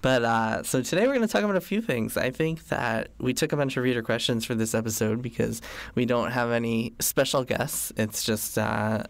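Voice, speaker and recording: Male podcast co-host, wry ranter, gravelly tone, dry recording. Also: mid-range voice, normal speed, few pauses, dry recording. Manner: ranting, complaining, wry. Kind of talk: casual chat.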